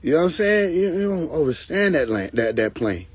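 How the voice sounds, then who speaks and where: This livestream host has a husky, higher-than-average voice with a sing-song lilt, and he talks fairly quickly. He's casually telling funny stories on his stream, voicing both people in each exchange and laughing often, all recorded through a phone.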